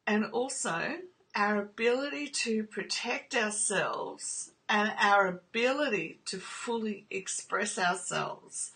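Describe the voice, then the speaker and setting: An earnest woman talks straight to her listeners and keeps checking in with a gentle "okay?". Her voice is bright and of middle pitch. She becomes openly emotional when she shares stories from her own family. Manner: emotional while telling personal stories. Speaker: trauma recovery video host. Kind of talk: personal talk to camera.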